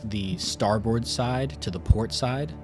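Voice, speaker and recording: A man's voice: medium pitch, takes it slowly. A young man narrating as dungeon master in a tabletop game, rambling with fillers and restarts. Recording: faint music behind.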